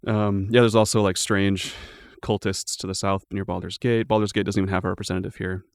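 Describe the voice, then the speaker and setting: A man running a tabletop game as game master, narrating in a relaxed, loose way with lots of fillers. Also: low-pitched, a little fast, no echo.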